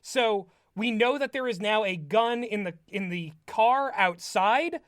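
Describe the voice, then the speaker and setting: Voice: medium pitch, a little slow, a bit bright, no echo. Podcaster, casual movie recap, rambling, lots of fillers, dry close sound. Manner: rambling, heavy use of "like", amused. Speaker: podcast co-host.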